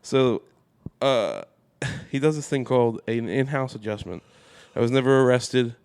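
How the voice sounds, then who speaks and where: Smooth-voiced man telling a rowdy story. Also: unhurried. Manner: animated storyteller, acts out quoted voices with big pitch jumps. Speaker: podcast guest. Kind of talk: casual storytelling chat.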